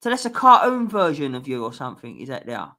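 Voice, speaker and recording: Sweary, lively man hosting a stream. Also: mid-range voice, fast. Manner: sweary, chatty, reacting to viewer comments. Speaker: livestream host reading chat. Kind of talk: casual live chat.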